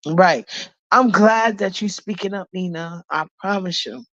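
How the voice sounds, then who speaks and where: A woman's voice: fairly low pitch, unhurried, dry recording. A woman with a bad cold, venting angrily and profanely on a live stream, repeating herself to defend her point. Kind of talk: heated live-stream rant. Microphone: phone on a live stream, camera off. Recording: dull lo-fi stream audio.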